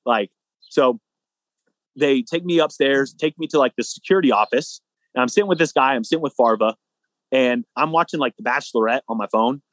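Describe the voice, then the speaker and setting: A man's voice: mid-range voice, fairly quick, no room sound. Young guy telling a story, acts out the back and forth, lots of "like", dry close sound. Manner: animated, acts out both sides of dialogue, many fillers. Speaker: guest, hybrid athlete. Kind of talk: casual storytelling.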